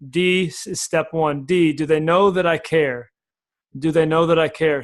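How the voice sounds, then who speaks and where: A man speaking as a sales coach on a podcast, explaining his method in an energetic, folksy way and repeating key phrases. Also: on the high side.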